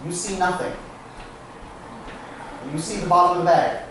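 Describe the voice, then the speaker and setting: A man's voice: sits high, fairly even intonation, moderate pace, noisy background. A man performing as a stage magician, bantering playfully with volunteers and poking fun at himself. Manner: playful, self-mocking, chatty with asides. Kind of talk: comic stage patter with volunteers. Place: small theatre stage, live audience. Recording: echoey, distant live room recording.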